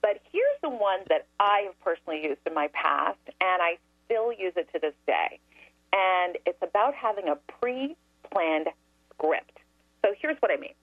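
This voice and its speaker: Lively woman telling a story over the phone. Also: on the low side, moderate pace, no room sound. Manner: lively storyteller, laughs often. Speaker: guest. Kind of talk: storytelling on a talk show. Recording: dry tinny phone line.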